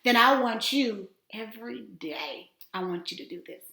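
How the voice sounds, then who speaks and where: A woman teaching a self-affirmation lesson in an encouraging, animated way, at times dropping to a near-whisper. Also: fairly high pitch, normal speed. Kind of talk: casual spoken lesson. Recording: roomy echo.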